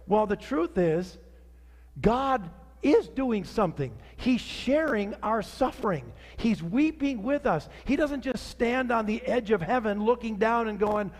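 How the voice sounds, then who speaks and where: A man preaching a sermon as pastor, swinging from fiery outrage to hushed tenderness. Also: high voice, a little slow, long reverb tail. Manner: animated preaching, rising to outrage then dropping soft.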